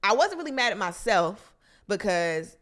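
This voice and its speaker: A woman's voice: medium pitch, very animated, moderate pace, fairly bright tone. A young adult woman comedian co-hosting a podcast, venting bluntly and cursing a lot in casual chat.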